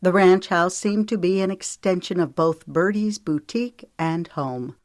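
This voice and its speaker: A woman narrating an audiobook in a calm, measured storytelling manner. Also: lowish voice, no room sound, studio quality. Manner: calm, measured storytelling with lifted voices for dialogue. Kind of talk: scripted narration.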